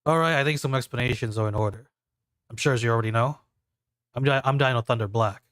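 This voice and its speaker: Brief: man as a stern, exasperated ranger mentor, mid-pitched, crisp dry sound. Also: fairly bright tone, no room sound, close to an everyday voice. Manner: exasperated, measured and explanatory. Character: stern male veteran ranger mentor, a teacher. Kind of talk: game master voicing a character in a tabletop game.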